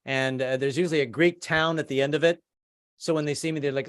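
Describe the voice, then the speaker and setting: Brief: male stand-up, slightly high voice, stammers through stories, dry close sound. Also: fairly even intonation, fast, fairly bright tone, clean tone, no room sound. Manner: rambling, stammering, trades in put-on voices. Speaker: stand-up comedian. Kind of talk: stand-up set over video call.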